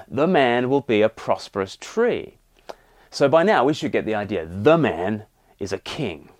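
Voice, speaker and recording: A married man preaching a sermon, explaining scripture and reading passages aloud with emphasis. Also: medium pitch. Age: adult, married.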